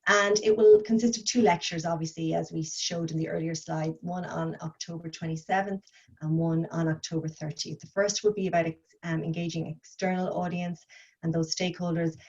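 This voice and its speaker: Lower-voiced woman trainer, muffled. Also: fairly even intonation, a little fast. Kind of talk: presentation. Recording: dull, muffled audio.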